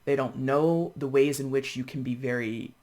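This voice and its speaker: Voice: medium pitch, moderate pace, a little mellow. A tarot reader giving a casual reading to camera, chatting freely with many fillers and restarts and acting out how other people would react. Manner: thinks aloud with frequent fillers and restarts.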